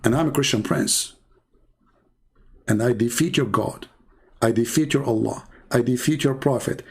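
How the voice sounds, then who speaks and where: A man's voice: mid-range voice, moderate pace, creaky, husky. A man hosting a live online debate, combative and mocking in his delivery. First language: Arabic. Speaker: debate show host.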